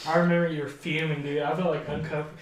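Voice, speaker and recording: A man's voice: a little high, level tone, very fast. A young man co-hosting a casual podcast chat, hesitant and full of fillers. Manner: hesitant, lots of filler words. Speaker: podcast co-host. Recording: echoey room.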